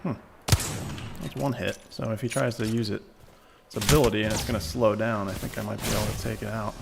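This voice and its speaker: A man's voice: on the low side, a little fast, gravelly, heavy background noise. A Canadian man streaming a shooter game, talking through it casually and wryly, reading chat aloud. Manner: relaxed, chatty, wry, often laughing. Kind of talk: casual gameplay commentary.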